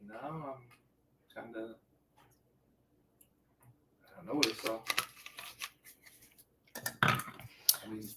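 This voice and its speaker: A man's voice: lowish voice, drawn-out words, pauses often. A man listening in the room, answering in a hesitant, unsure way. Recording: distant, echoey, noisy room.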